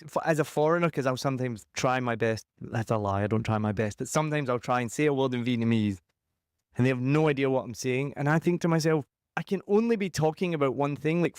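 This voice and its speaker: A man's voice: a little high, darkish tone, clean tone, no room sound, clean studio sound. A man with a Scottish accent hosting a podcast interview, chatty and jokey with self-mocking asides. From Scotland. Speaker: podcast host. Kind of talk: casual interview chat.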